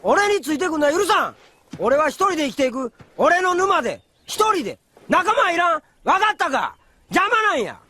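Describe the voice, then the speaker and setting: Cranky ogre, kansai accent, yells high and fast, bright sharp voice. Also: male voice, sing-song, no room sound, heavily acted. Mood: scolding. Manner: barking, scolding. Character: grumpy brutish male ogre, crude and temperamental. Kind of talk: film dub.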